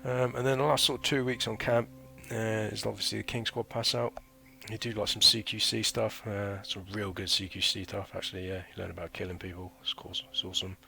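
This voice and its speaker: A man's voice: fairly low pitch, flat delivery, fairly quick, creaky, few pauses, sharp tone. A man in his thirties telling a chatty, rambling story about his military training in a casual vlog. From United Kingdom. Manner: rambling and chatty, full of fillers and slang. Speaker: former recruit recounting training.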